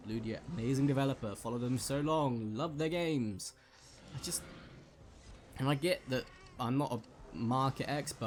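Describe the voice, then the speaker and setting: Guy rambling over his phone game, wry and self-mocking, mid pitch, bit of faint hiss behind. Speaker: gaming YouTuber. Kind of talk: casual gameplay commentary.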